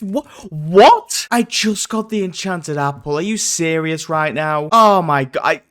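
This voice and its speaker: A man giving casual commentary and narration over his own gameplay, animated and often stammering through restarts. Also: fairly high pitch, takes it slowly, few pauses. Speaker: gaming video creator.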